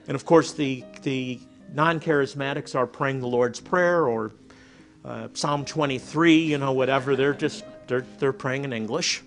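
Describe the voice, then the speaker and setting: A man preaching a sermon, telling stories and dropping to a soft hush for emphasis. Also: mid-range voice, unhurried. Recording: faint music behind.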